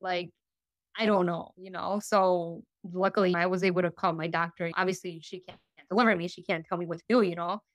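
A woman's voice: fairly low pitch, fairly even intonation, a little fast, no echo. A young woman, a podcast guest, telling her story in a casual, chatty way, full of "you know" and "like".

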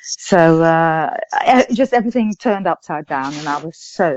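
A woman's voice: fairly low pitch, unhurried, no echo, highs cut off. A woman talking as a podcast guest in casual chat, emotional and laughing between phrases.

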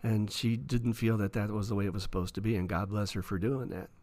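A man's voice: lowish voice, brisk. A man, an author and guest in a studio interview, telling his story animatedly and acting out the dialogue in it. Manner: animated, acts out quoted dialogue.

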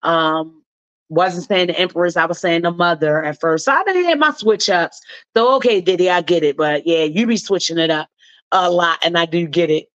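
A woman's voice: fairly low pitch, dry recording. Slangy woman radio host just talking her stuff, dry close mic, kinda dull lo-fi sound. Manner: chatty and slangy, with drawn-out emphasis. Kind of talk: casual commentary on celebrity news.

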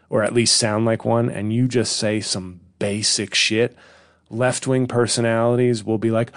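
Gravelly rambling comedian. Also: male voice, medium pitch, fairly even intonation, a little slow, no room sound, clean studio sound. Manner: rambling, profane, sardonic. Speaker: comedian podcast host. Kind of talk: casual solo podcast monologue.

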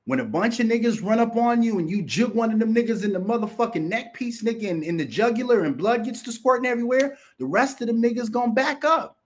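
A man's voice: very high-pitched, animated, fast talker, few pauses. A man hosting a live stream and talking to his chat in a brash, boastful, profane way, laughing often. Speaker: livestream host.

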